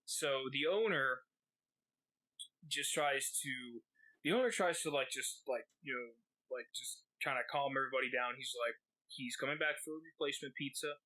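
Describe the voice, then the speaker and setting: A man's voice: mid-range voice, moderate pace, bright, forceful tone, rough recording. A man co-hosting a podcast, telling a rambling, profane story full of fillers. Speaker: podcast co-host. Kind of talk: casual storytelling.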